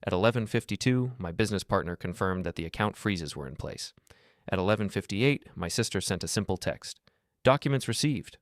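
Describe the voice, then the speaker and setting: A man narrating a first-person drama story in a calm, even, measured way. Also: low voice, dry recording, studio quality.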